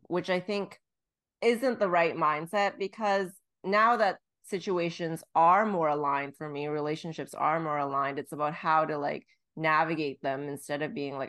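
A woman's voice: low-pitched, steady tone, normal speed, a bit bright. A woman co-hosting a podcast in casual chat, speaking candidly, laughing at herself and swearing now and then. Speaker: podcast co-host.

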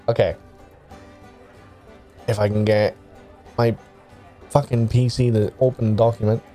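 A man's voice: medium pitch, animated, slow pace, pauses often, dark tone, faint music behind. A man running a tabletop game as game master, rambling casually, swearing freely and laughing often.

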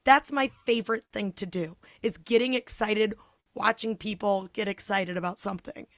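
A young woman talks in casual podcast chat, animated and expressive as she acts out quoted voices and swears freely. Her voice sits at a middling pitch. The sound is dry and close, with no room in it. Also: normal speed, no echo. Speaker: podcast co-host.

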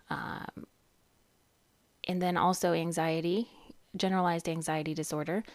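A woman in her thirties hosting a casual podcast, chatty and rambling, often laughing and cutting herself off. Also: fairly low pitch. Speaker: podcast host and therapist.

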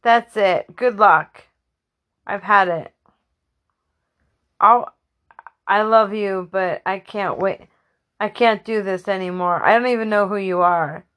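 A woman's voice: mid-range voice, slow, long pauses, fairly bright tone. A woman voicing a hurt teenage girl who pleads in an upset tone.

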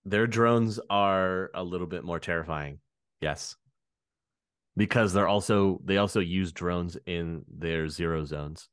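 A man's voice: low voice, measured pace, a bit bright, smooth, dry recording, studio quality. A man hosting a podcast, explaining game lore with playful, teasing sarcasm. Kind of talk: casual podcast chat.

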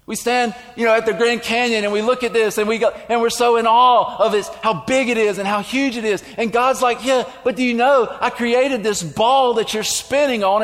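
A man preaches to his congregation in an unusually high voice. His delivery is emphatic, breaking into shouts for stress. The sound carries the long ring of a church hall. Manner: emphatic, with sudden shouted lines. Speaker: pastor. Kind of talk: sermon. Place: church sanctuary.

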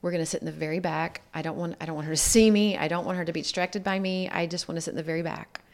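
A woman with a slightly low voice and a noticeable gravelly rasp tells a personal story. She speaks in an earnest, reflective way and voices the others in her story as she goes. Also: fairly even intonation, very fast. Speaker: guest telling her life story.

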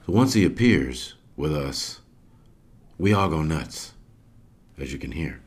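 A man's voice: very deep voice, expressive, takes it slowly, breathy edge. A man hosting a podcast, narrating a personal story in an earnest, emotional way. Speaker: podcast host.

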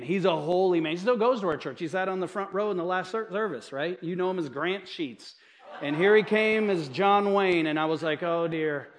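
A middle-aged male pastor preaching from a church stage, telling stories about his own mistakes in a chatty, self-deprecating way with frequent asides to the congregation. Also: high-pitched. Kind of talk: sermon.

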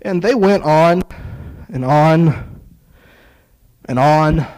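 Man, preacher, sermon, high voice, storytelling with acted dialogue. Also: drawn-out words, a little mellow, rough recording. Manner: storytelling, acts out dialogue, sarcastic asides.

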